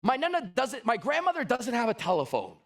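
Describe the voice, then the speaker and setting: High-pitched guy hyping up a sales crowd on stage, acts out little dialogues. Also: brisk. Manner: animated storytelling, acts out dialogues. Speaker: motivational sales speaker. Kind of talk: energetic stage talk.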